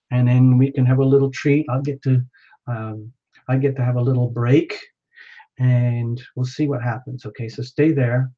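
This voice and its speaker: A man's voice: mid-range voice, warm tone. A man hosting a live tarot reading stream, talking in an earnest, rambling way full of filler words. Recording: slightly dull lo-fi audio.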